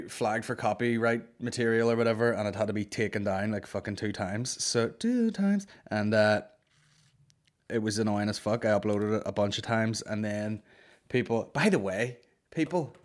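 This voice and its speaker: A man's voice: fairly low pitch, animated. A young man hosting a comedy podcast, ranting in a casual, exasperated way and swearing constantly. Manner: heavy swearing, exasperated ranting, quick acted-out quips. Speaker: podcast host. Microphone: studio podcast microphone.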